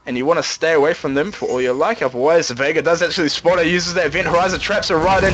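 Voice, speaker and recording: A man's voice: brisk, few pauses, a little hiss or hum. A young man doing solo play-by-play commentary on a video game, joking and rambling, his voice jumping up when the action heats up. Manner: jokey, rambling, pitch leaps up when excited.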